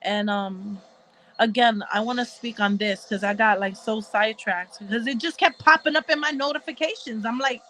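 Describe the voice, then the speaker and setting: A woman's voice: fairly high pitch, normal speed, bright, forceful tone, slight background noise, poor audio. A woman ranting emotionally to her viewers in casual talk, heated and repetitive, with religious asides. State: crying. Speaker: commentary vlogger.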